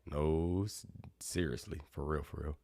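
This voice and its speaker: A man with an extremely deep voice teaching guitar in a laid-back live Q&A. He talks in a loose, friendly way and answers viewer comments as he goes. The sound is close and dry, with no room echo. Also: unhurried, gravelly. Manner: relaxed, chatty, reads out viewer comments. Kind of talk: casual live Q&A stream.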